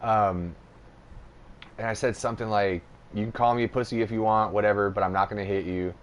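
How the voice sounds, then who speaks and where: A man's voice: on the low side, fairly even intonation, brisk. A young man hosting a podcast, telling a rambling, profane story in casual chat with lots of fillers. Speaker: podcast host.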